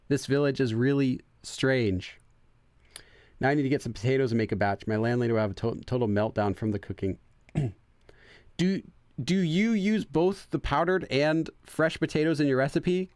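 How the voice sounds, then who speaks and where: Male let's-play host, loose rambling chat full of fillers and self-corrections, mid-pitched, dry close sound. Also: no room sound. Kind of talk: casual gameplay chat, translating game text.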